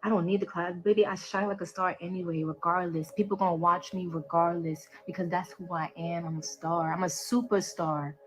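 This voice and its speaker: A woman's voice: lowish voice, steady tone, a little fast, few pauses, music in the background, low-quality recording. A woman in a played social media clip, ranting in a boastful, profane and emotional way and affirming herself. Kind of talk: social media live rant.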